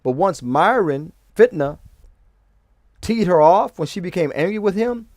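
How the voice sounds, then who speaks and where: A man's voice: high voice, animated, measured pace, darkish tone, no echo. Rambling man in a dry close recording. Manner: rambling with restarts, often asking "okay?". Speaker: vlogger. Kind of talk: casual commentary.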